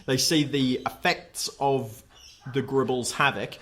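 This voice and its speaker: A man's voice: mid-range voice, slow pace, fairly bright tone, a little hiss or hum. A man co-hosting a podcast, recounting the plot step by step with dry understatement in casual chat. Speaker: podcast co-host. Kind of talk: casual episode recap chat.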